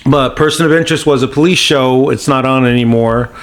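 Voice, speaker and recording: A man, a guest actor on a podcast, telling anecdotes in a casual, animated way and leaning often on "you know". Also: mid-range voice, a little fast.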